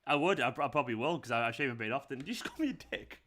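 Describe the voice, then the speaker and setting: A man's voice: medium pitch, expressive, rapid-fire, fairly bright tone. A young man hosting a football watchalong stream, chatting casually, teasing and laughing often. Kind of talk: casual live-stream chat and commentary.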